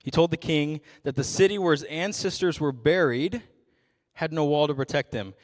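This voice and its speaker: A man's voice: fairly high pitch, moderate pace, long reverb tail. A young adult man giving a youth sermon as a ministry intern, casual and self-deprecating with frequent jokes.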